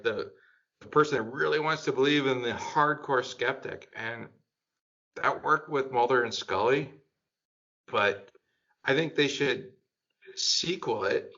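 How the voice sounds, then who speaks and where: A man talking in a relaxed group chat, thinking out loud with plenty of "um" and "like". He gets enthusiastic as he goes. The sound is dull and lo-fi. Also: mid-range voice, unhurried. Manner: enthusiastic, rambling with fillers. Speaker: podcast panelist.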